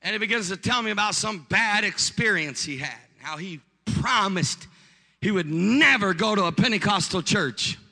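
A male preacher with a high, very bright voice tells a story from the pulpit. He is animated and jokes along the way, then rises into shouted exhortation. His voice rings with reverb through a church hall. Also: normal speed, creaky. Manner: animated, joking, builds to shouting. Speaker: pastor. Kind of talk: storytelling sermon.

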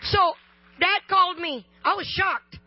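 A woman's voice: very high voice, measured pace, no room sound. A woman preacher giving a sermon with personal testimony, humorous and impassioned, talking straight to the congregation. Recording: dull lo-fi recording.

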